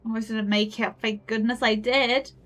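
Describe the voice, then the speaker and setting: A woman's voice: on the high side, fairly even intonation, moderate pace, fairly bright tone. A young adult woman streaming a game, chatting casually and thinking aloud in a flustered, giggly way. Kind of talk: casual live-stream gameplay chat.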